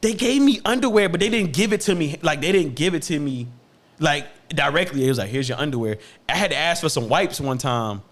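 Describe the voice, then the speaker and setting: A young man telling a personal story on a podcast in loose, profane slang. He races along, his voice leaping up and down with every punchline. He laughs often as he goes, keeping the pitch on the higher side. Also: lively intonation, fairly quick, a bit bright, faint music behind. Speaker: podcast host. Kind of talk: casual storytelling.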